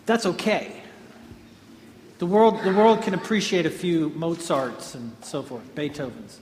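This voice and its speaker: A man's voice: a little high, a little slow, darkish tone, slight background noise. A man giving an informal devotional talk to a group, a rambling storyteller who often restarts and corrects himself. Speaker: speaker addressing a group. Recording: echoey hall with faint ambience.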